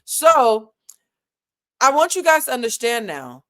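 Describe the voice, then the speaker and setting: A woman's voice: a little high, very animated, a little slow, fairly bright tone. A woman hosting a casual commentary vlog, talking animatedly and with lots of profanity, addressing her viewers directly. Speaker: host.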